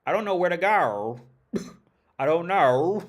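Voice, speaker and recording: A man voicing a confused Australian speaker in an exaggerated mock-Australian accent, high and loud. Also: expressive, takes it slowly. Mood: whiny, confused. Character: mocked confused Australian speaker, whiny and lost.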